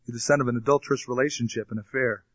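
A man's voice: mid-range voice, fairly even intonation, very fast, a bit bright, no room sound, muffled recording. Man preaching through a Bible passage. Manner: reads scripture then explains it in plain, colloquial asides. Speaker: pastor. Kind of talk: expository Bible sermon.

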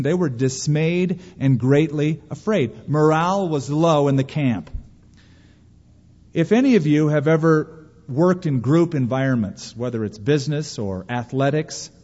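Guy pastor preaching, kinda high voice, emphatic, big echoey church, muffled sound. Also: normal speed, warm tone. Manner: emphatic preaching, voices quotes with raised pitch. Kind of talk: sermon. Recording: dull sound in a long-reverb hall.

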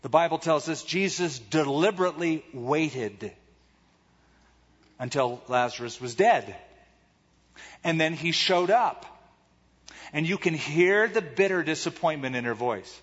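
A man's voice: mid-range voice, expressive, moderate pace, long pauses, a bit bright, breathy edge, long reverb tail, muffled recording. A man preaching a sermon with dramatic rhetorical questions, acting out the voices he quotes. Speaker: pastor.

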